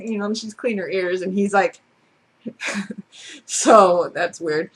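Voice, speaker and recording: A woman's voice: medium pitch, moderate pace. A woman vlogger in a casual, sarcastic rant who talks bluntly and swears freely. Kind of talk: casual ranting monologue.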